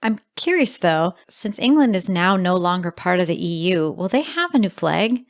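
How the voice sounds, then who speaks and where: Woman podcast co-host, animated, swooping intonation, casual banter. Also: lowish voice, normal speed. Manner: animated, mock-indignant. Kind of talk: casual chat. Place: small studio.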